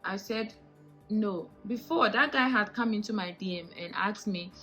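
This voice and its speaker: A young woman with a Ghanaian English accent talks straight to camera in a casual vlog, animated and indignant, firing off rhetorical questions. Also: mid-range voice, normal speed, faint music behind, rough recording. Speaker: vlogger.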